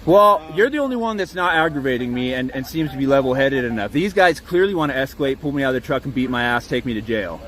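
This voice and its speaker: Filming on his phone from inside his truck, a campground guest recounts a dispute in a heated, profane, rambling way, then argues with officers. His mid-range voice is fairly bright with lively intonation, and he talks quickly with hardly any pauses.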